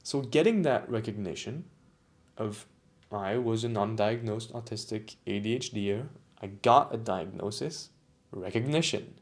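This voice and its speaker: A man's voice: lowish voice, a little slow. A man talking reflectively to camera about his own experience, with frequent restarts, repeated phrases and moments of emotion. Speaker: vlogger on autistic culture. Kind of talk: reflective personal monologue.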